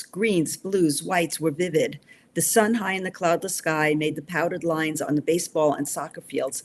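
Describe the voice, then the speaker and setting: A woman author reading her novel aloud in steady first-person narration. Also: sits low.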